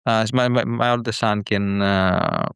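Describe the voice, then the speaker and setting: A man calling in as a father, speaking earnestly and haltingly in a call-in conversation. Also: on the low side, steady tone, vocal fry, fairly bright tone, smooth, no room sound, clean studio sound. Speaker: caller, father.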